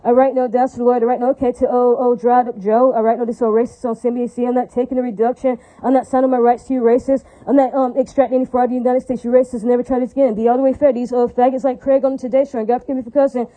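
A woman's voice: fairly high pitch, flat delivery, warm tone, low-quality recording. A woman in an unscripted rant, repeating herself, swearing and breaking into religious praise. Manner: fast, repetitive, profane and indignant, with religious praise.

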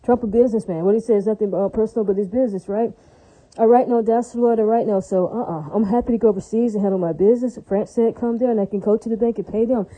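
A woman delivering a rambling solo monologue at a quick clip. Her voice is very dark and mellow. She keeps repeating herself, drops in religious asides and checks that her listeners follow. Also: medium pitch, low-quality recording. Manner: frequent religious interjections.

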